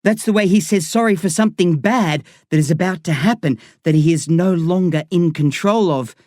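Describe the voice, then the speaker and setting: A woman's voice: on the low side, normal speed, dark tone, no room sound, studio quality. A woman narrating a novel in the first person, with an intense, dramatic delivery. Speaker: audiobook narrator.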